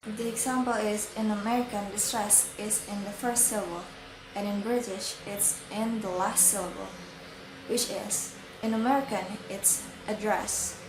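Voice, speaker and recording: A young woman student presenting pronunciation examples, slowly contrasting word pairs one after another. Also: mid-range voice, steady tone, reverberant, background noise. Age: young adult. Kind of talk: reading a class presentation.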